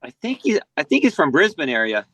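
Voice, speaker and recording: A man's voice: a little high, big pitch swings, brisk, a bit bright, no room sound. An American man in his forties from San Diego, talking as a podcast guest in a loose, rambling way full of "you know" and restarts. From San Diego, USA. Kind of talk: casual podcast conversation.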